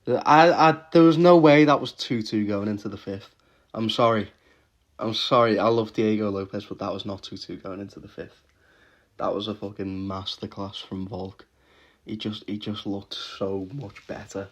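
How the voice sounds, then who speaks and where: A man giving a casual, swear-heavy reaction rant about fights, with frequent laughs and quick restarts. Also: on the low side, steady tone. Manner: swears constantly, laughs often, rants with restarts. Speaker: MMA reaction vlogger.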